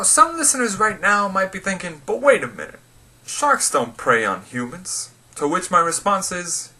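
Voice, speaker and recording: Bright-toned man hosting a solo podcast. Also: on the high side. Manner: blunt, sarcastic, swears when ranting. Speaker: podcast host. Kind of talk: scripted solo commentary.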